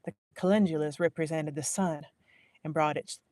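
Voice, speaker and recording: A woman's voice: low voice, fairly even intonation, warm tone, no room sound. Woman narrator reading aloud, dry close sound. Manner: measured, restarts lines to correct herself. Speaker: audiobook narrator. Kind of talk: live audiobook reading.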